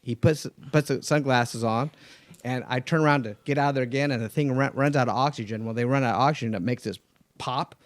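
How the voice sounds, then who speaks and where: A race car driver with a mid-range voice talks fast in a casual studio chat, recorded with no room sound. He's an animated storyteller who acts out the voices of people he quotes.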